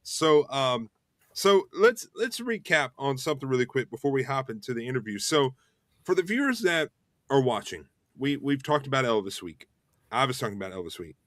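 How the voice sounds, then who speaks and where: Energetic host, dry sound. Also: male voice, medium pitch, no room sound. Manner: rushed, energetic promo talk with fillers. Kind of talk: casual online show chat.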